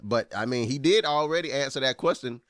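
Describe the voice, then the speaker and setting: A man, a pastor, giving casual commentary as he reacts to clips, animated and often exclaiming. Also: medium pitch, a little fast, no room sound, clean studio sound.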